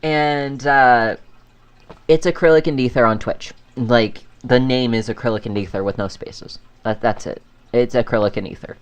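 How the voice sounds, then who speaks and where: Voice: mid-range voice, normal speed, clear, resonant tone. A podcast host chatting casually on their own, rambling and laughing often. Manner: frequent fillers and restarts. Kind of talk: casual solo chat.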